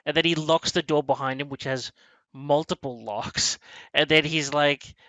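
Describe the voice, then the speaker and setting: A man hosting a casual film discussion, rambling and animated, with many restarts as he acts out lines from scenes. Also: a little high, normal speed, dry recording, rough recording. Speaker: movie review podcast host.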